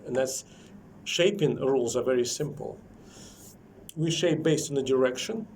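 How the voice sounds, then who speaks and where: A man coaches a pianist in a private lesson, correcting dynamics and hand balance in slightly non-native English. His voice sits at an ordinary middle pitch. A faint hiss runs under the piano playing. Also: moderate pace, vocal fry, darkish tone. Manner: corrective, explains while playing and singing rhythms. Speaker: piano teacher.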